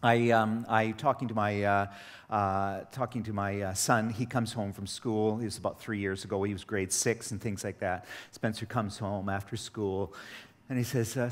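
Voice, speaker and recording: A middle-aged man giving a workshop to teachers, telling stories with lively acted dialogue. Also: on the low side, moderate pace. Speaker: teacher trainer. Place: training hall. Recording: echoey hall with long reverb.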